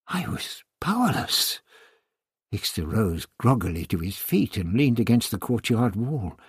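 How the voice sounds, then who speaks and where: Husky guy reading a story slow, lively pitch, dry close sound. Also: no echo. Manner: measured, expressive storytelling. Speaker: audiobook narrator. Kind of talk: scripted narration.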